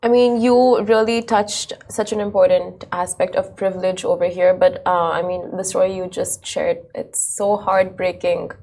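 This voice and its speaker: A woman's voice: lowish voice, level tone, normal speed, hardly any pauses, dark tone. A woman interviewing a guest, hesitant and full of fillers. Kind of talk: interview questions.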